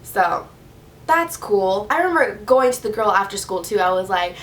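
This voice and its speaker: Young woman, casual storytime vlog, animated quoted voices, a little far from the mic, faint background hiss. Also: normal speed. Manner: animated, acts out quotes with pitch jumps. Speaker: vlogger. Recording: slightly distant mic with faint noise.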